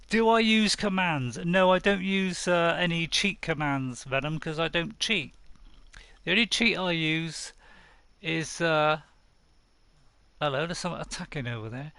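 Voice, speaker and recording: A chatty, self-mocking man talks his viewers through a survival game on a live stream. His voice sits a little high and has a gravelly edge. The tone stays bright and forward throughout. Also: no room sound. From United Kingdom. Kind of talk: casual live-stream commentary.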